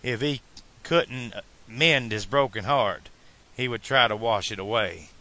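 Slow, bright-voiced male audiobook narrator. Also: mid-range voice.

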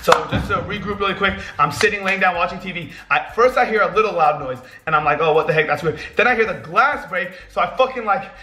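A young man with a high, bright voice tells a story in an excitable rush, swearing freely and acting out his own frantic shouts. His voice bounces around an echoey room. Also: fast, hardly any pauses. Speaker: vlogger. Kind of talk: animated storytelling.

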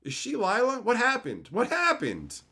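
A man streaming live, reading chat questions and ranting in a loud, profane, laughing way. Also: very high voice, moderate pace. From Canada. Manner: loud, animated, frequent swearing and laughing.

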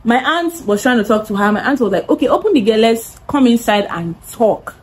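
A young woman telling a lively storytime vlog, acting out the voices of the people in it. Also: on the high side, moderate pace, husky, low-quality recording. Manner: animated, acts out quoted voices. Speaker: content creator.

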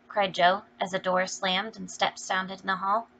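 A woman reading a classic novel aloud as an audiobook, in a steady storytelling delivery. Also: medium pitch, moderate pace, creaky, hardly any pauses. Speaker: audiobook reader. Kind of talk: scripted narration. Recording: dull lo-fi recording.

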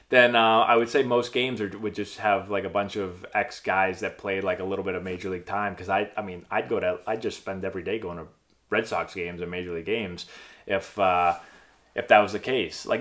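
Man, 30s, ex-ballplayer turned coach; low-ish voice, quick rambling vlog chatter full of fillers. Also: a bit bright. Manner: rambling, with many fillers and restarts. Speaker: former pro baseball player and coach. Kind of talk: casual vlog talk to camera.

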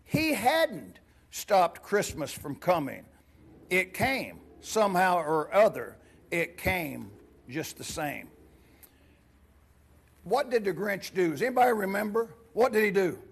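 A man's voice: high voice, big pitch swings, slow, vocal fry, husky. A man serving as pastor gives a playful children's sermon in a church. He asks the kids many questions and reads a storybook aloud. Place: church sanctuary.

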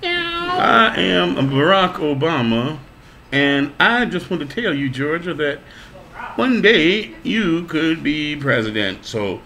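A man doing an impression of a president, with measured, speechlike pauses. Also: on the high side, sing-song, bright, forceful tone, slight background noise, heavily acted. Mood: earnest.

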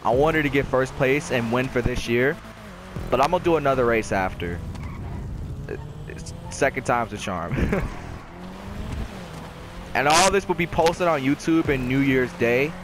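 A young man giving casual commentary while playing a racing game, yelling when hyped and muttering when losing. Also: medium pitch, measured pace, long pauses. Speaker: gaming YouTuber. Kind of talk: live gameplay commentary. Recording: game audio noise behind voice.

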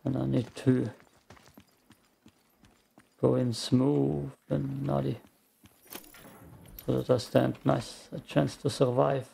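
A man giving calm, slow gameplay commentary, thinking out loud, with a gravelly morning voice. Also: medium pitch, a little hiss or hum. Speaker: game streamer.

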